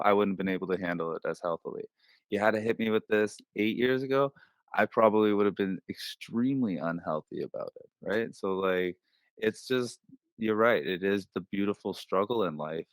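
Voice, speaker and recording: A man in his thirties with a low voice that still sounds bright and forward. He tells personal stories over online voice chat, loose and profane and full of filler words. The sound is dry and close, with no room around it. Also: dry recording. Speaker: interview guest. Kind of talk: casual storytelling. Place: online virtual-world voice chat.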